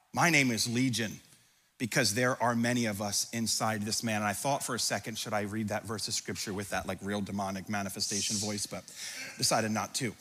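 A pastor preaching a sermon, reading scripture aloud with dramatic emphasis and breaking into conversational asides. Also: male voice, medium pitch, bright, forceful tone. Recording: long hall reverb.

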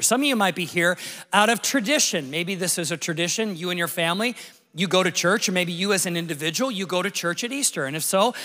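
A middle-aged man preaches an Easter sermon in a loose, joking, storytelling way. His voice sits high and bright. The sound carries the long reverb of a large hall. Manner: lively, conversational, jokey. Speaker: pastor.

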